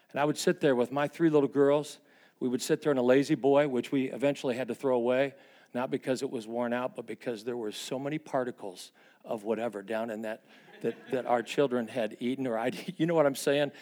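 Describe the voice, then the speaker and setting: A man's voice: medium pitch, brisk. Fervent older male preacher. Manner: dynamic preaching, dropping to hushed confessional tones and rising to fervent emphasis. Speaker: pastor. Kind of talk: sermon.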